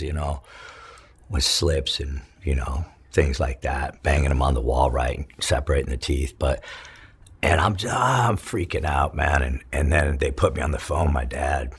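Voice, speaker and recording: A middle-aged man from California, telling his story in an interview, profane and halting with many restarts. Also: rumbling low, fairly bright tone, slightly rough. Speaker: interview guest, former prisoner. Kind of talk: emotional storytelling.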